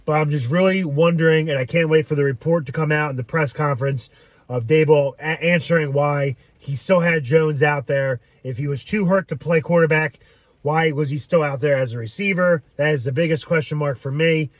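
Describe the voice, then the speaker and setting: A man's voice: fairly high pitch, fairly quick, no room sound. Dry-sounding rambling fan guy. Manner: rambling, frequent "um", swears freely. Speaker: sports fan commentator. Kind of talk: casual fan reaction vlog.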